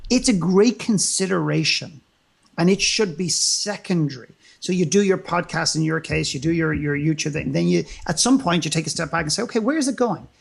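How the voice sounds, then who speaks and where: A man's voice: fairly high pitch, moderate pace, gravelly. A man speaking as an interview guest in a motivational conversation, emphatic and full of rhetorical questions and repetition.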